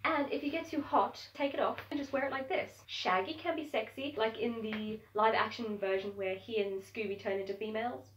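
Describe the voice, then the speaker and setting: A woman's voice: on the high side, fairly quick, few pauses, slight background noise. A young woman vlogging at home, talking to camera in a chatty, upbeat way. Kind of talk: casual to-camera chat. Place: at home indoors. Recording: roomy sound from a distance.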